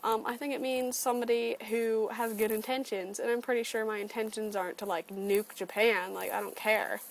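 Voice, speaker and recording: A woman with a somewhat high voice rants into her computer webcam, sarcastic and full of profanity. She swings between mocking asides and heated complaints, talking casually straight to the viewer. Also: normal speed, a little hiss or hum, rough recording. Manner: animated, sarcastic and profane ranting. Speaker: vlogger. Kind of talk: webcam opinion rant.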